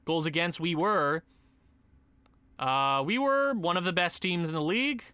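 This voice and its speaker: A young man giving casual commentary on a hockey video game, muttering and then breaking into excited shouts. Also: a little high, a little slow, clean tone, no echo. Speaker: gaming YouTuber.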